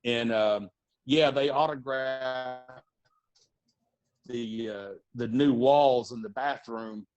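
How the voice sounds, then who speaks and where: A middle-aged man, a music and wrestling promoter, telling anecdotes in a casual podcast interview, lively and full of fillers. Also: medium pitch, slow, pauses often, lo-fi sound. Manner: animated anecdote-telling with fillers and acted-out quotes.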